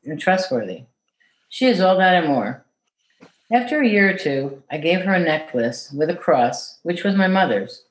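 Woman caregiver reading out loud, earnest and measured, kinda echoey room. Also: low-pitched. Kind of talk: reading aloud and interview answers.

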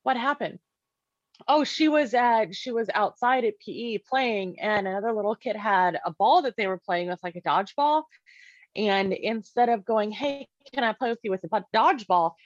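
A woman's voice: mid-range voice, moderate pace, dry recording, dull audio. A woman casually telling a personal story as a parent, talking conversationally with many fillers and acting out quoted dialogue.

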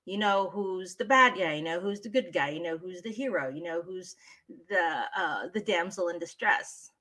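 A woman from the Philippines, a former teacher turned voice talent, chatting expressively as a guest in an interview. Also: lowish voice. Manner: animated storyteller, expressive. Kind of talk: casual interview chat.

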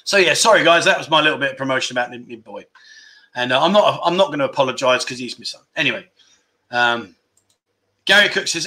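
Chatty, bright-voiced host. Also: male voice, medium pitch, animated, quick pace. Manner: chatty, self-deprecating, rambling. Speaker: livestream chat show host. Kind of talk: casual livestream chat reading viewer comments.

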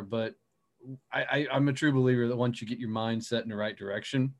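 A male podcast host in relaxed, casual conversation with his guest. He swears freely and rambles, with plenty of fillers, at a middle pitch. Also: brisk. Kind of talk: casual interview chat.

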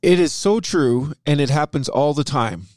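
A man's voice: on the high side, normal speed, darkish tone, dry recording, studio quality. A man co-hosting an investing podcast in a casual, upbeat, chatty way. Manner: upbeat, chatty, self-aware about his "radio voice". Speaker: podcast co-host, financial advisor. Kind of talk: casual chat.

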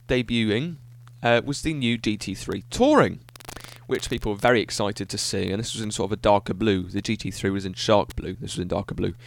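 A man with a lowish, gravelly voice hosts a solo podcast, with no echo in the recording. His casual monologue is enthusiastic and rambling, and he often corrects himself.

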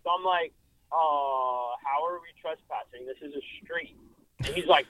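A young man telling a story in a casual interview, animated and full of fillers, calling in over a breaking-up phone line. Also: a little high, moderate pace, no room sound. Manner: animated, filler-heavy, swearing. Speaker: car photographer guest. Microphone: phone call, breaking up. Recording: dry thin phone line.

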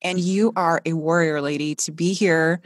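A woman's voice: deep voice, fairly even intonation, moderate pace, no room sound, studio quality. A woman hosting a faith-based podcast, talking in a fervent, encouraging, almost preaching way. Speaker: podcast host.

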